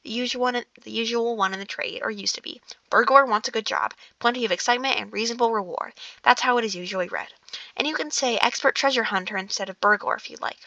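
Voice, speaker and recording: A woman voicing a gruff, impatient male dwarf in a storybook reading, tripping over words as she goes. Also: a little high, quick pace, sharp tone, no room sound. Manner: stumbling, self-correcting reading. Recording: dull lo-fi recording.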